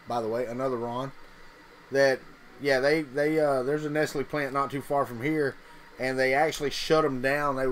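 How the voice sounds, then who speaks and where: A man's voice: medium pitch, a little hiss or hum, rough recording. A man with a Southern US accent, hosting a casual livestream and chatting folksily with viewers as he reads their comments. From Mississippi. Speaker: livestream host.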